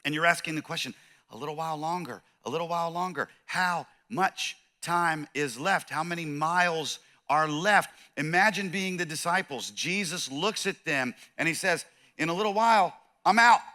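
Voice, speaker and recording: A man's voice: on the high side, normal speed, sharp tone. A middle-aged man with a Californian accent preaching a sermon as pastor, in a conversational, joking way, acting out the voices of people in the story.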